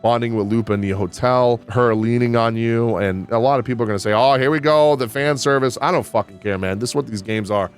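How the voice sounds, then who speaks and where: A man with a lowish voice talks through a video game update in a loose, casual review. He is candid and excitable and swears freely. Faint music plays underneath. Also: quick pace, hardly any pauses, clear, resonant tone. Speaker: gaming YouTuber.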